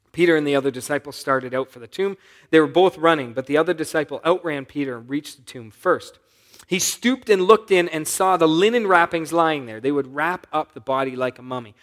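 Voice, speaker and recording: Brief: male pastor with a fairly high voice, preaching from scripture, quiet one moment and pressing loudly the next. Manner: swings from soft asides to loud urgent appeals; reads scripture and voices the characters' lines. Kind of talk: sermon.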